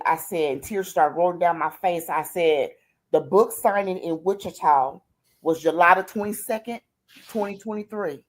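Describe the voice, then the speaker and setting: An older woman, a grandmother, speaks at a moderate pace in a fairly low voice. She's the guest on a streamed interview, telling her life story in a heartfelt, colloquial way and often repeating "I said" and "she said."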